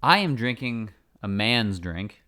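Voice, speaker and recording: A man's voice: fairly low pitch, very animated, takes it slowly, bright, forceful tone. Joking upbeat man hosting a podcast. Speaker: podcast host. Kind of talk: casual chat.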